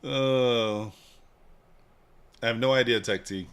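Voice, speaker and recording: A relaxed man hosting a live stream in a loose, joking way. He chats along with his viewers and answers their comments. His voice sits at an ordinary pitch for a man. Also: slow, smooth. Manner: laid-back, joking, reads and answers chat. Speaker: livestream trading host. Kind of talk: casual live-stream chat.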